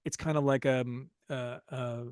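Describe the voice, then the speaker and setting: A man's voice: mid-range voice, fairly even intonation, measured pace, a little mellow, smooth, dry recording, studio quality. A man hosting a casual movie-recap podcast, telling the story with lots of energy and frequent laughter. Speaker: podcast host.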